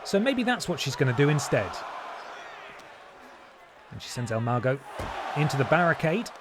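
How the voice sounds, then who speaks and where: A man's voice: fairly high pitch, very animated, normal speed, crowd noise, noisy background. A man, streaming a wrestling game and doing playful mock-announcer commentary with jokey asides. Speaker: gaming streamer.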